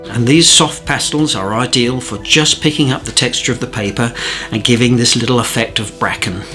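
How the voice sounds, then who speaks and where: A middle-aged man narrating a watercolour painting tutorial in a chatty, gently humorous way. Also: medium pitch, moderate pace, soft background music. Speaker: watercolour teacher.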